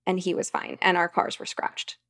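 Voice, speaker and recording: A woman's voice: on the low side, sing-song, moderate pace, creaky, fairly bright tone, no echo, studio quality. A woman, a podcast guest, telling a long personal anecdote in a rambling, vivid conversational way. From United States. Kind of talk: storytelling in conversation.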